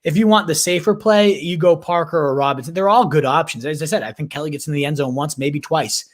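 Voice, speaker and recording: Male livestream host, slightly higher voice, hyped and slangy, thinks aloud with restarts. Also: quick pace. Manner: hyped, slangy, calls viewers "baby" and "my dude"; restarts and repeats words while thinking aloud. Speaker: fantasy football livestream host. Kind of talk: casual live Q&A chat.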